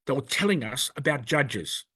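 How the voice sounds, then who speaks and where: A man's voice: mid-range voice, animated, normal speed, sharp tone, slightly rough, no echo. An angry man delivering a rambling, emphatic monologue to camera. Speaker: video presenter.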